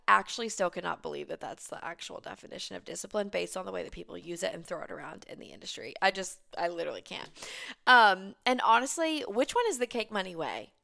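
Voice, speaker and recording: A woman's voice: medium pitch, gravelly, fairly bright tone. A woman in her thirties hosting a casual solo podcast as a business coach, chatty and emphatic, swearing and laughing freely, heavily pregnant and short on sleep.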